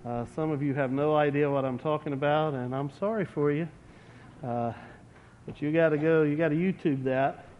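A pastor with a notably high voice talks loosely and playfully with his church. The sound is dull and muffled, with long reverb ringing through the hall. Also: steady tone, normal speed. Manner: chatty and playful, breaks into bits of song. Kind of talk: casual talk from the pulpit.

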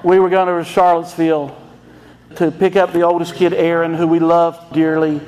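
A man's voice: fairly high pitch, level tone, normal speed, darkish tone. A middle-aged man, a pastor telling an emotional family story in a folksy sermon.

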